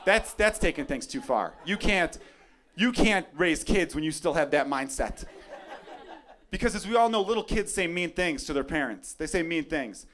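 A young adult man doing a stand-up comedy set, ranting loudly toward his punchlines while the audience laughs. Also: on the high side, lively intonation, normal speed. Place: comedy club stage. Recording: live club recording with crowd noise.

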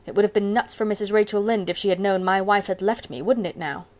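A woman's voice: mid-range voice, fast talker, darkish tone, natural voice. A woman voicing a grumbling, sheepish older male farmer in an audiobook, talking in a rueful, folksy way.

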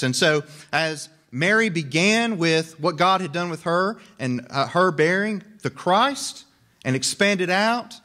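A man's voice: sits high, a bit bright. A young man, preaching a sermon as pastor in a conversational way with joking asides.

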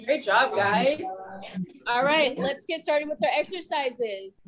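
Woman fitness teacher running chair exercises, high voice, peppy, counting reps out loud. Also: lively intonation, slow pace, a crowd in the background, low-quality recording. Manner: upbeat, encouraging, counts reps aloud. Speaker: fitness instructor. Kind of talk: leading a chair exercise class.

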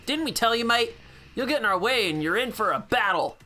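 A man's voice: very high-pitched, lively intonation, a little fast, bright, forceful tone, soft background music, pitched above the performer's own voice, full character voice. A man voicing a rowdy young hooligan gang grunt from a game, in a put-on British accent, brash and taunting. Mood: cocky.

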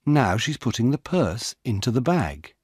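A man's voice: medium pitch, sing-song, measured pace, darkish tone, breathy edge, no echo, studio quality. A man voicing Sue, a curious female police officer in a storybook. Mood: alert.

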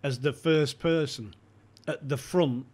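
A man's voice: fairly high pitch, takes it slowly. Chatty man telling a yarn. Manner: animated storyteller, laughs between lines. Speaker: podcast guest. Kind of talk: casual chat.

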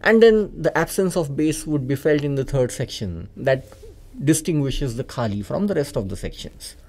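A man with an Indian accent, calmly and methodically explaining tabla technique in a music lesson, repeating the key points. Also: medium pitch, normal speed, slight background noise. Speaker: tabla teacher. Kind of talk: instructional explanation. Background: tabla playing.

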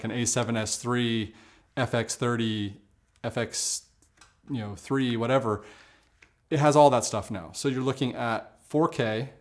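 A man talking casually in a camera review vlog, relaxed and conversational, with lots of fillers and asides. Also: medium pitch.

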